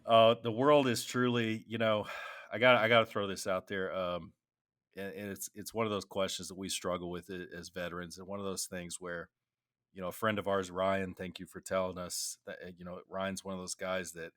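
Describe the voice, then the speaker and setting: Middle-aged vet guy on a podcast, low voice but bright edge, dry close sound, keeps restarting his sentences. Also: flat delivery, fairly quick, no room sound. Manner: rambling anecdotes with many restarts and fillers. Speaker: podcast co-host; military veteran. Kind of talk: casual conversational storytelling.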